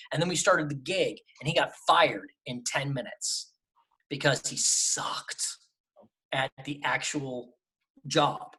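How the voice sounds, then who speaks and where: A man's voice: fairly high pitch, moderate pace. Emphatic middle-aged man on a travel mic. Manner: emphatic, lively advice-giving. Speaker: voice actor guest. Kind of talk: casual interview talk. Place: temporary remote setup away from home. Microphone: travel microphone.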